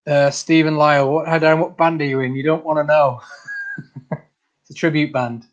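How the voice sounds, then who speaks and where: A man's voice: a little high, little pitch movement, normal speed, muffled recording. A man hosting a casual livestream, reading out viewer comments, laughing often and calling people mate. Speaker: channel host.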